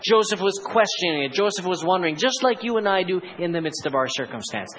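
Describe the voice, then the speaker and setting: Preaching man with a high voice. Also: lively intonation, fast talker, fairly bright tone, a little hiss or hum, poor audio. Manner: preaching with rhetorical questions and dramatic voiced asides. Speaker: pastor. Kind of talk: sermon.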